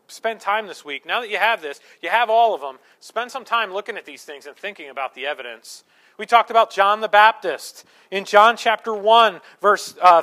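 Male preacher, higher-pitched, earnest, teaching verse by verse from the pulpit. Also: pushed and bright. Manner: earnest, teaching through scripture point by point. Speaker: pastor. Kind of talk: sermon.

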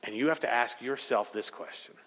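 A man preaching a sermon as pastor, emphatic, swinging between loud rising peaks and quiet low asides. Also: fairly quick. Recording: long hall reverb.

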